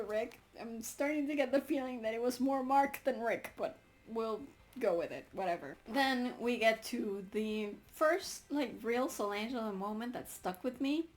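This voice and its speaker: A woman's voice: a little high, normal speed. A young woman vlogging a casual book review, gushing and laughing often, with many fillers. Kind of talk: casual book review with read-aloud passages.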